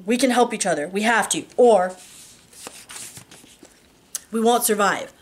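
A woman voicing an earnest, overwhelmed young alien hero who speaks in a halting, sincere way. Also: mid-range voice, lightly acted.

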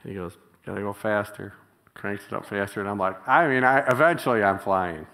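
Male pastor, lowish voice, chatty storyteller who laughs a lot while preaching in church. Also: brisk. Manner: storytelling, chuckles often, animated when quoting others. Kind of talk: sermon.

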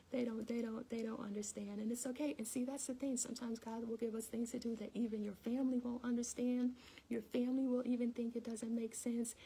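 A woman's voice: a little high, level tone, brisk, warm tone, husky. A middle-aged woman hosting an early-morning devotional livestream, chatting casually with viewers and laughing often while she tells a story.

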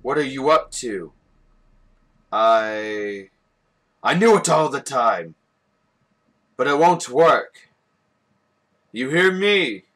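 A man's voice: medium pitch, expressive, very slow, long pauses, a bit bright, heavily acted. A man voicing a stern male owl who rules his house, speaking in a commanding, menacing way. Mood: threatening.

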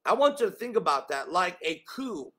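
A man's voice: sits high, sing-song, moderate pace, a bit bright. A man preaching an exuberant sermon, calling for responses from viewers and breaking into tongues. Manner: exuberant, call-and-response exhortations; bursts into tongues. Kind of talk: livestreamed sermon.

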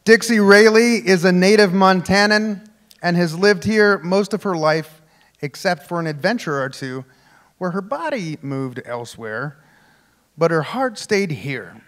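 A man hosting a live storytelling show, reading a warm, formal introduction of the next storyteller. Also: sits high, expressive, a little slow. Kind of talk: scripted stage introduction. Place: theater stage before a live audience.

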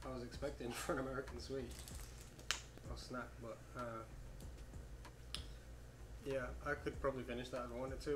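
A man's voice: mid-range voice, level tone, normal speed, long pauses. A young British man chatting casually during a snack taste test, laid-back with dry remarks. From United Kingdom. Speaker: co-host. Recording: echoey room with background noise.

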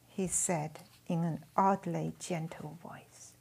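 Woman, memoir read-aloud, hushed near-whisper, very slow, breathy. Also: lowish voice, steady tone. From China. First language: Chinese. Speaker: author reading her memoir.

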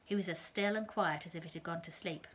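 A woman reading a children's novel aloud in a calm, steady storytelling manner. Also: fairly low pitch, fast talker.

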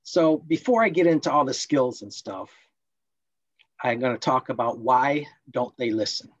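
A man presenting a parenting workshop online, explaining points and acting out scolding parents in quick role-plays. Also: mid-range voice, animated, no room sound, muffled recording.

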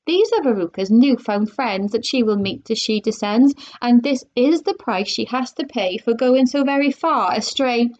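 Woman teacher reading a kids book out loud, super expressive, slightly muffled recording. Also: a little high, moderate pace, hardly any pauses. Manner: expressive, playful, with asides to listeners. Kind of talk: children's storybook read-aloud.

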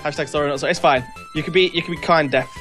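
A woman's voice: low-pitched, rapid-fire, fairly bright tone, soft background music. A woman, co-hosting casual gameplay commentary, self-mocking and cheering or groaning at her mistakes. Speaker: gaming channel co-host.

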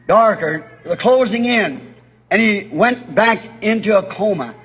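A man's voice: sits high, lively intonation, unhurried, slightly rough. A man preaching a revival sermon and leading prayer, speaking with impassioned fervor that rises into fervent cries. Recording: dull old tape recording of a sermon.

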